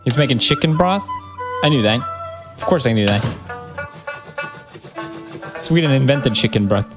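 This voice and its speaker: Dude reacting to a movie, bouncy pitch, jokey and sweary, music going in the background. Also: male voice, moderate pace. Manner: joking, swearing, lively running commentary. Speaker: streamer reacting to a film. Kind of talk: casual reaction commentary. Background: film music and sounds.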